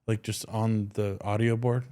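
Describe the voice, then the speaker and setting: A man's voice: on the low side, a little slow, clear, resonant tone. Young man telling a wild story. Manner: loose, swearing, excitable storytelling. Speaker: podcast co-host. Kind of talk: casual chat.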